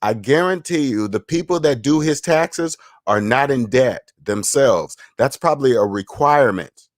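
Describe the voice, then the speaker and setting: A man's voice: medium pitch, expressive, unhurried, no room sound, clean studio sound. A man hosting a money channel, lecturing in casual livestream commentary, emphatic and repetitive, answering viewer chat. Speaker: finance channel host.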